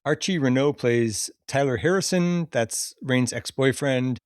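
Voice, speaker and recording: A man's voice: mid-range voice, measured pace, no room sound, clean studio sound. A man hosting a casual podcast, chatting loosely and laughing often as he runs through a cast list. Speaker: podcast host. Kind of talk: casual chat.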